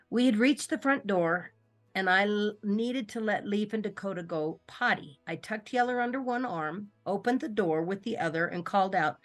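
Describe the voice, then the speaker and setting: A woman's voice: mid-range voice, normal speed, soft background music. Woman reading her own story aloud. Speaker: writing student. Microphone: video call.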